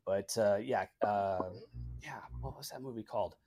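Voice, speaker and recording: A man co-hosting a casual podcast chat, relaxed and trailing off quietly at the end of his thoughts. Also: fairly low pitch, normal speed. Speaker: podcast co-host.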